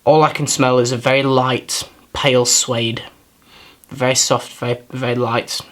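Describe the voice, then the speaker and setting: A man's voice: mid-range voice, level tone, unhurried. A man giving a casual, first-impressions review of perfumes, talking in a thoughtful, hesitant way, often repeating words as he searches for them and apologizing for himself. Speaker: fragrance reviewer.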